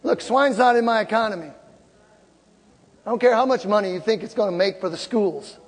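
A woman's voice: mid-range voice, a little fast, husky. Emphatic woman preacher in a reverberant church. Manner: emphatic, exhorting, breaks into loud laughter and shouts. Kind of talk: sermon. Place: church sanctuary with congregation. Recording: long hall reverb with congregation murmur.

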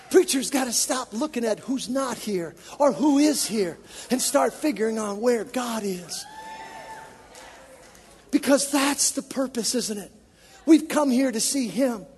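A man's voice: very high-pitched, animated, measured pace, long pauses, darkish tone, slight background noise. A man preaching a sermon as a worship leader, impassioned and emphatic. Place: church sanctuary. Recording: long reverb of a large hall.

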